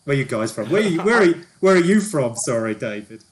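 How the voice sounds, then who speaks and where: A man's voice: mid-range voice, very animated, brisk, natural voice. A man voicing a vain, pushy male TV reporter who keeps dropping his own name. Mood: smarmy. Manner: boastful, pushy, chatty. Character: smarmy vain male TV reporter, middle-aged.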